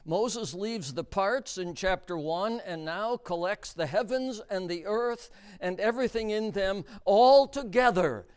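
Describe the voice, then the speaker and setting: Slow, emphatic high-voiced male preacher. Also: animated, smooth. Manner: emphatic, deliberate, repeats key words for stress. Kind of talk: sermon.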